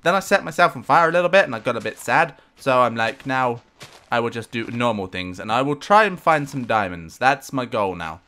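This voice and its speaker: Guy doing excitable let's-play commentary, bright voice, jumps all over the place, yells at the game. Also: mid-range voice, brisk. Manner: excitable, talks to the game, self-mocking outbursts. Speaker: gameplay commentator.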